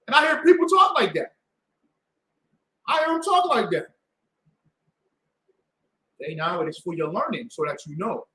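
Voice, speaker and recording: A man's voice: a little high, huge pitch swings, unhurried, long pauses, sharp tone. A man teaching a Sabbath class, preaching with rhetorical questions and call-and-response to the room. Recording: echoey room.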